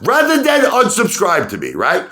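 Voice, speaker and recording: A middle-aged man ranting heatedly to his viewers about stocks, repeating himself and rising to shouts. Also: sits high, moderate pace. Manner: animated, repetitive, rising to shouts. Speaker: stock market video host. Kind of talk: heated opinion rant.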